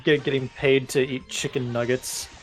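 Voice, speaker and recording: A man's voice: medium pitch, flat delivery, moderate pace, soft background music. A man co-hosting a gaming video, chatting drily and explaining things at length. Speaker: co-host. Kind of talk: casual gaming chat.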